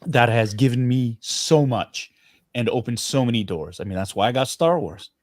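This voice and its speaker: A middle-aged Canadian man, appearing as a guest actor in a casual interview, speaks earnestly and with animation, often restarting his sentences. His voice is mid-range at a normal speed, recorded cleanly in a studio with no room sound.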